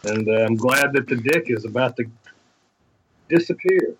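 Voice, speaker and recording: A man chatting as a podcast guest in a relaxed, self-mocking way. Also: medium pitch, moderate pace, slight background noise, rough recording. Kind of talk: casual podcast chat.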